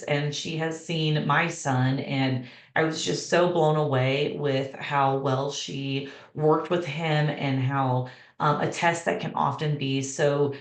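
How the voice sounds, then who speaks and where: Low-voiced woman hosting, echoey room. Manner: warm, personal introduction. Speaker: host. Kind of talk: conference introduction.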